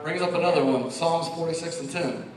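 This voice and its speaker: Middle-aged male lay preacher, earnest and emotional, a touch high, recorded from afar in a church with listeners around. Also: steady tone, fairly quick, crowd noise. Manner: emotional, earnest, laughs between lines. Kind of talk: church testimony. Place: church sanctuary. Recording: echoey hall, mic far off.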